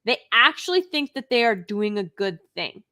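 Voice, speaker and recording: A woman's voice: medium pitch, animated, moderate pace, pushed and bright. A woman hosting a live stream, giving an unscripted review in an indignant, emphatic way, with sighs and restarts.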